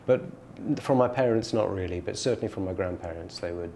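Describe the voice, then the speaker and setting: A man with a low, gravelly voice recalls his childhood in an oral history interview. His tone is mellow and dark, and he tells the story reflectively, stopping to correct himself. A faint hum of room noise sits behind him. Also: brisk.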